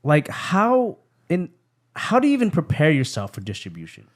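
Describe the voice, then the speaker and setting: A man's voice: on the high side, wildly swooping pitch, moderate pace. A man hosting a casual chat show, steering the talk and asking his guest for tips. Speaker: podcast host. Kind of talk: casual chat over drinks.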